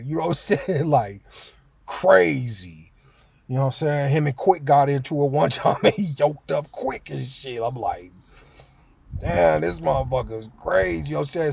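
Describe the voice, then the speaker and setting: A man with a gravelly, husky voice tells a casual story in loose, slangy speech. He keeps dropping in filler phrases and chuckles as he goes. His pitch sits in the middle range. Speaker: vlogger.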